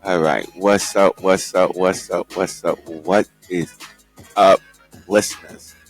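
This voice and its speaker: A young man hosting a casual news chat show, talking in a laid-back, joking, low-key drawl. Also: steady tone, slow pace, faint music behind. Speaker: podcast host.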